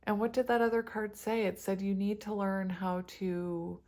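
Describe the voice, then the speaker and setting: A woman's voice: mid-range voice, flat delivery, normal speed, darkish tone. A woman giving a casual tarot reading to her viewers, emotional and tearful, laughing often as she talks about spiritual love and energy. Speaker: tarot reader.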